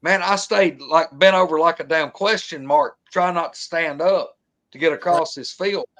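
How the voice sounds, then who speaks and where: A man, telling a long encounter story in casual talk, colloquial and animated, mimicking the sounds he heard. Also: fairly high pitch, normal speed.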